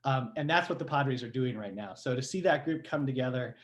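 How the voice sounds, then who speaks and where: A man's voice: medium pitch, lively intonation, a little fast. A man from San Diego, a guest on a podcast, talking casually and enthusiastically. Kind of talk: casual interview chat.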